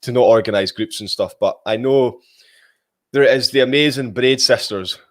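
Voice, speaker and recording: A man's voice: medium pitch, moderate pace. A young Scottish man chatting casually as a guest, rambling with lots of fillers and restarts. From Scotland. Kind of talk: casual video call chat.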